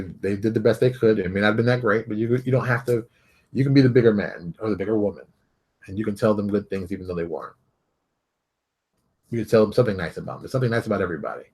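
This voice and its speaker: A husky-voiced man hosts his own video podcast, talking straight to the camera. He rambles quickly in a casual monologue, urging his viewers on and dropping into loud quoted voices for the people in his stories. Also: fairly low pitch. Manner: animated, exhorting, jumps into loud quoted voices. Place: home studio in front of a camera.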